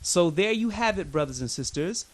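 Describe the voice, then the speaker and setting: A man's voice: sits high, animated, normal speed. A man teaching an Arabic lesson, patiently drilling pronunciation with lots of repetition, chatty and informal with his learners. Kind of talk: recorded language lesson.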